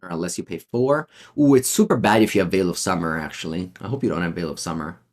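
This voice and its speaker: A man's voice: low voice, fast. A man with an Italian accent giving casual commentary as he plays a card game and answers chat, rambling with lots of fillers and restarts. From Italy. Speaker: streamer playing a card game.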